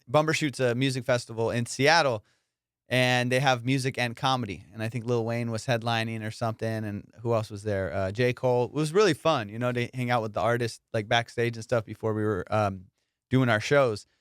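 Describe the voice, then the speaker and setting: A man's voice: medium pitch, steady tone, a little fast, clean tone, no room sound, clean studio sound. A male comedian hosting a podcast, rambling and swearing in casual comedic banter, slipping into silly voices.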